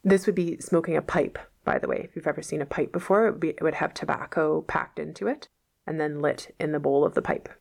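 A woman's voice: low voice, fairly even intonation, a little fast, creaky, a little mellow. A woman reading a novel aloud and patiently explaining old words in casual asides, as a teacher.

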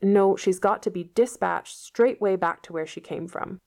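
A woman voicing a stern, sharp-tongued middle-aged woman who speaks curtly and reproachfully. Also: medium pitch, normal speed, close to an everyday voice. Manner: curt, reproachful.

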